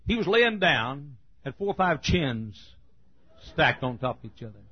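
A man preaching a sermon, telling a folksy story and building to emphatic, forceful points. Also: on the high side, very animated, a little slow, husky, dull audio.

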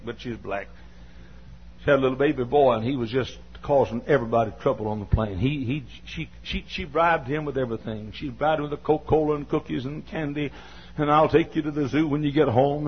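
With a mid-range, breathy voice, an older Southern American preacher shares a folksy story, scolding his hearers now and again and exploding into shouts. The sermon comes through as a dull lo-fi recording.

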